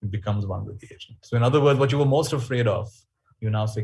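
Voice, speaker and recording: A man speaking in a webinar, telling stories in an animated, reflective way. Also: medium pitch, fast, husky. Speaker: workshop speaker. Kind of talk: webinar talk.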